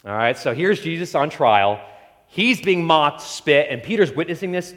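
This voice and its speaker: A male pastor preaches with a fairly high, very lively voice that swings up and down as he acts out the people in the story. The sound rings with a long hall reverb around him. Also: moderate pace. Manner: animated preaching, voicing Bible figures in quotes. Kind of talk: sermon.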